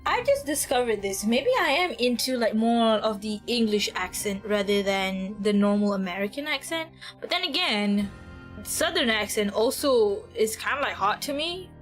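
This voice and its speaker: A woman's voice: a little high, animated, moderate pace, soft background music. A young woman streaming a game, with giggly, rambling commentary and frequent laughter. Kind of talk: casual gameplay commentary.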